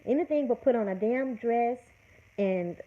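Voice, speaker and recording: A woman's voice: a little high, measured pace. A woman hosting a livestream, scolding her chat in an emphatic, repetitive rant. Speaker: livestream host. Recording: tinny phone-like audio.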